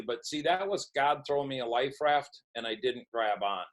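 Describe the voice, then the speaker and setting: Speaking a little fast with lively intonation and almost no pauses, a middle-aged man tells his recovery story as a podcast interview guest. He acts out the dialogue of others in a mid-range voice. The recording quality is low.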